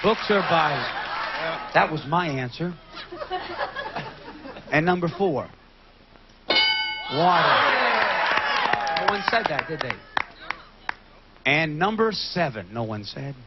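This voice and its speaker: A man hosting a TV game show, brisk and joking, repeating answers aloud. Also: fairly high pitch, lively intonation, over a noisy crowd, very noisy. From Kentucky. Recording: dull lo-fi TV studio recording with loud audience.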